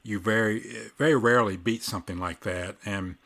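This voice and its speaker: A man hosts a casual podcast, with a bright, forward tone. He talks reflectively and rambles a bit, circling back and restarting his sentences. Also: on the low side, a little fast. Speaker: podcast host. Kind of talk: casual tribute chat.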